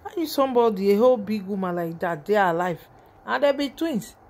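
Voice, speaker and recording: A woman's voice: mid-range voice, lively intonation, brisk, darkish tone. Emotional Nigerian woman vlogger. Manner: emotional, rambling, addresses viewers as "my people". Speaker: vlogger commenting on a video. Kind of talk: casual commentary vlog.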